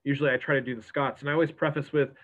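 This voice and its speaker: A man's voice: mid-range voice, steady tone, rapid-fire, fairly bright tone. A man moderating an online event, chatty and rambling with many fillers. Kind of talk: casual event hosting. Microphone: video call. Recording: tinny call audio.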